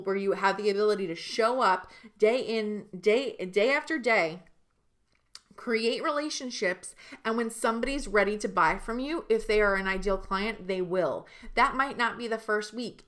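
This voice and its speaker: An energetic woman coach leading a live online training session. She talks straight to her viewers and leans hard on the points that matter. Her voice sits in an ordinary middle range. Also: mid-range voice. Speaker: business coach.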